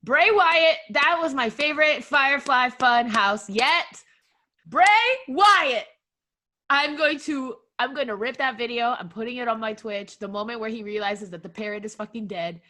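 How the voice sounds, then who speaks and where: A woman co-hosting a podcast in casual chat, excitable, swearing freely and often laughing. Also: fairly high pitch, normal speed. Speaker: podcast co-host.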